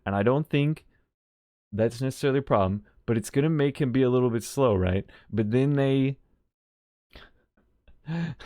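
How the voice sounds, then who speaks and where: Streamer, male, mid voice, dry close sound; quick rambling game commentary, lots of restarts. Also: mid-range voice, darkish tone, no room sound. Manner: rambling, quick, with many restarts and self-corrections. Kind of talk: casual game story commentary.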